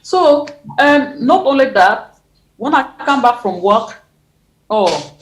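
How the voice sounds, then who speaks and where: A woman from Uganda, a guest on a call from her living room. She gives an earnest, halting personal account with many restarts and repeated phrases. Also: on the high side, lively intonation, slight background noise, low-quality recording. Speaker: interview guest. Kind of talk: personal testimony. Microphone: video or phone call from home.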